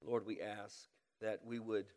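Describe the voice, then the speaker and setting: A man with a head cold preaching a sermon, reading scripture aloud with a deliberately slowed cadence and praying. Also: fairly low pitch, flat delivery, a little mellow, long reverb tail. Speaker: pastor. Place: church sanctuary.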